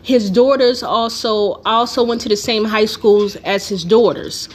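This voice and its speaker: A woman's voice: a little high, a little slow. A young adult woman hosting a podcast, telling a heated personal story in casual, profane talk. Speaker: podcast host.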